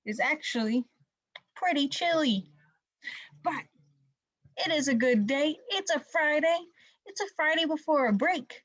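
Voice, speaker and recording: A woman's voice: fairly high pitch, fairly bright tone, no room sound. A woman teaching a preschool class online, speaking in a simple, upbeat and coaxing way to small children.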